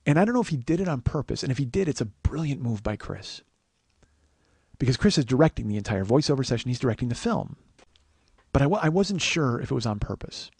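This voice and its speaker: Gravelly-voiced comic in his forties, podcast host spinning a profane, rambling yarn; dry, close sound. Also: medium pitch, fast, no room sound. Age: 40s. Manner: profane, rambling, animated storyteller. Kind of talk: comedic storytelling monologue.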